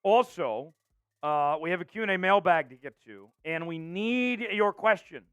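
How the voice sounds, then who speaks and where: Energetic man hosting a live sports show. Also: sits high, normal speed, clear, resonant tone, dry recording, muffled recording. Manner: energetic, reads viewer names from chat. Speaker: show host.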